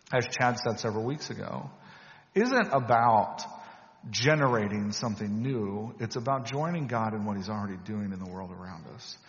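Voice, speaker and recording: A man preaches in a conversational storytelling style, slipping into quoted dialogue and poking fun at himself. His voice sits at an ordinary male pitch. The recording is somewhat muffled and lo-fi, with long reverb from the church hall. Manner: conversational, acts out quoted dialogue, self-deprecating. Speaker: pastor. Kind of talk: sermon storytelling.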